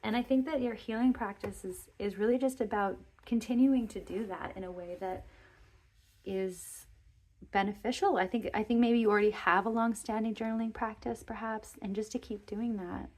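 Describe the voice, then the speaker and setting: A woman giving a tarot reading, speaking gently and earnestly to viewers, rambling and restarting as she goes. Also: a little high, fairly even intonation, moderate pace. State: emotional, near tears. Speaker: tarot reader.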